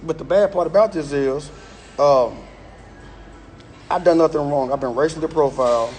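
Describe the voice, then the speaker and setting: A man's voice: fairly high pitch, moderate pace, a little mellow, a little hiss or hum. A middle-aged man, angrily live-streaming a complaint on his phone inside a gym, emphatic and repeating himself. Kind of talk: heated live-stream rant. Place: indoor gym.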